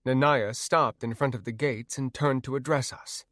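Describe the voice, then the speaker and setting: A mid-range male voice narrates a first-person audiobook, telling the story in a measured, even manner. The recording is studio quality with no echo.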